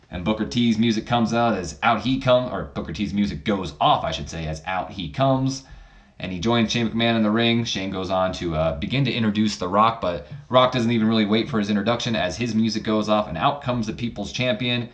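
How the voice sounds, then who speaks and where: A man's voice: fairly low pitch, fairly quick. A man hosting a game playthrough, narrating casually and correcting himself as he goes. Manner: rambling, self-correcting. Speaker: let's play host.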